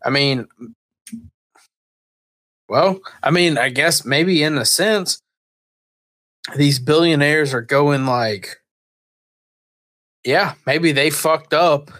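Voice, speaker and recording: A man's voice: on the high side, extremely slow, pauses often, a bit bright. A man co-hosting a casual podcast, rambling through crude jokes and stories and swearing freely. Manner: rambling, swears freely, tells anecdotes with quoted voices. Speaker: podcast co-host. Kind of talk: casual crude comedy chat.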